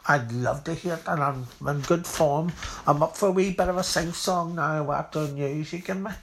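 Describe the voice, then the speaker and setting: A woman's voice: deep voice, moderate pace, slight background noise. A woman playing a blunt, chatty auntie in a comedy sketch. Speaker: comic auntie.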